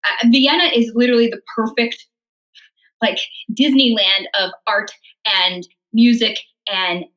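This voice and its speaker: Woman, a touch high, vivid and lively, casual interview storytelling, quotes her own past thoughts. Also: unhurried, low-quality recording. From Illinois, United States. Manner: animated, acts out her past thoughts in quotes, laughs often. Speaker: guest opera singer.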